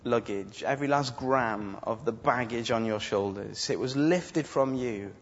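A man's voice: medium pitch, measured pace, breathy edge. A man preaching an impassioned, emphatic sermon, acting out quotes as he goes. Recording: dull sound with long hall reverb.

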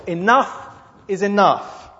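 A man voicing a frazzled, resentful young woman who is bossy and complains in shrill, indignant outbursts. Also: takes it slowly, background noise. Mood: sarcastic. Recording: dull lo-fi sound with long hall reverb.

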